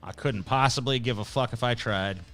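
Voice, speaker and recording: A man's voice: medium pitch, normal speed, a bit bright, soft background music. A male host giving blunt, profane, scornful ranting commentary while reacting to clips and viewer questions.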